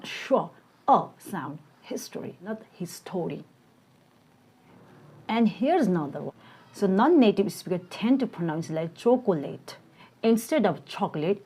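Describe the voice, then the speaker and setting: Husky woman teaching English pronunciation. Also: on the low side, warm tone. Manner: slow, deliberate pronunciation drills. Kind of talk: scripted English lesson narration.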